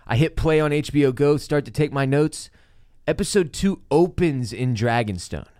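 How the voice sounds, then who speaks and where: A man's voice: a little high, moderate pace, a little mellow, no echo. A man co-hosting a casual podcast, bantering with dry sarcasm. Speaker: podcast co-host.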